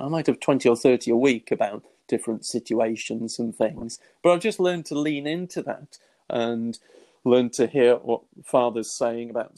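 Earnest middle-aged man teaching on faith. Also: mid-range voice. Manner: earnest, lively, acts out quoted thoughts, frequent restarts. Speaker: Christian teacher. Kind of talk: conversational teaching.

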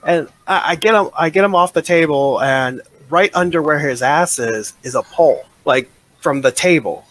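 Jokey man with a slightly high voice. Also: moderate pace, a bit bright. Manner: jokey, laughs a lot while telling stories. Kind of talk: casual chat.

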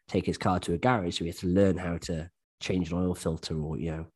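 A man's voice: sits low, fairly even intonation, fairly quick, a little mellow, husky. A man co-hosting a podcast in casual chat, who often slips into mimicking other people's voices. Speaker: podcast co-host.

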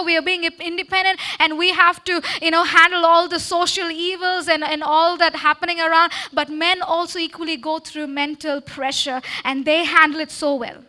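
A woman's voice: very high-pitched, bright, forceful tone. A woman giving a sermon-style talk to a congregation into a handheld mic, exhorting the listeners and checking in with them again and again. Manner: exhorting, with frequent "Okay?" call-and-response. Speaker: speaker at a church meeting. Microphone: handheld microphone.

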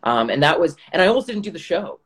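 A man's voice: on the high side, big pitch swings, fast, rough recording. A young man from Canada, an actor, talking reflectively in a casual chat with many fillers and restarts. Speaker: actor guest. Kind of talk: casual video-call chat.

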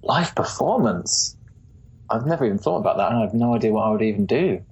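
A man with a husky voice, an easygoing guest in a casual interview who laughs often. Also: fairly low pitch, lively intonation, quick pace, a little mellow. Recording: dull lo-fi recording.

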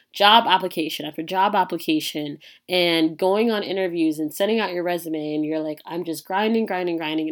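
Candid young woman rambling on a podcast. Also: lowish voice. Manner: candid, rambling, many fillers and "like". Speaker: podcast host. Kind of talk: casual podcast monologue.

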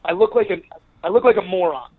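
Speaking fast in a high, breathy voice, this man, a wrestler appearing as a guest, shares a casual anecdote and performs the people he quotes. The interview comes through a tinny phone line.

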